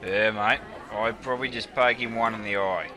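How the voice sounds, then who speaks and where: A man's voice: on the low side, fairly even intonation, normal speed, sharp tone, soft background music. A man with a broad Australian accent bantering with the host, asking cheeky questions. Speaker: sidekick.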